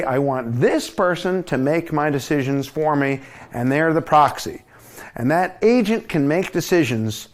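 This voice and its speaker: Animated man giving a medical lecture. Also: on the high side. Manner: animated, acts out little dialogues with shifting voices. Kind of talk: board review lecture.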